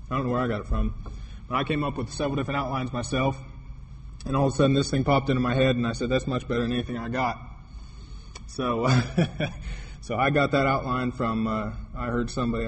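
A man's voice: mid-range voice, flat delivery, fast. Preaching man in an echoey hall. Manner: storytelling with quoted dialogue, rising to emphatic preaching. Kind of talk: sermon. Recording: long hall reverb, faint noise.

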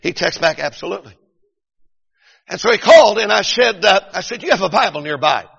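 A middle-aged preacher whose high, gravelly voice cuts through with a bright, husky edge. He swings from shouted peaks to hushed storytelling. The sound is dull and carries a long reverb from a large church hall. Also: expressive, a little fast. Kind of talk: revival sermon.

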